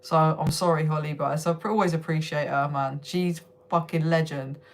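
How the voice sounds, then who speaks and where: A young UK woman streams live from home on her phone in a casual way, talking with viewers. Her low voice holds a steady tone at a fairly quick pace, and she laughs often and swears freely.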